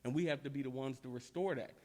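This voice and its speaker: A middle-aged man with a Philadelphia accent, a community nonprofit director giving a steady, plainspoken statement at a press conference. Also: medium pitch, quick pace. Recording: long reverb in a large room.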